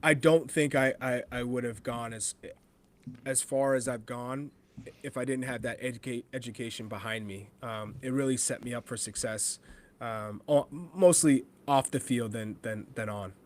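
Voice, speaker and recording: Male podcast guest, mid-pitched, lively storyteller who laughs and acts out his own quotes. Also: normal speed. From New Hampshire, USA. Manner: animated storyteller, laughs often, quotes himself. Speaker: guest, former pro soccer forward. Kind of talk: casual podcast chat, storytelling.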